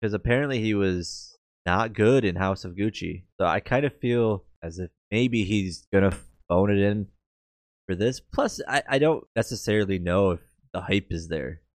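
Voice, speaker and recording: A man's voice: fairly low pitch, moderate pace, no echo. A young man co-hosting a podcast in casual chat, easygoing and hedging his opinions. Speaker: podcast co-host.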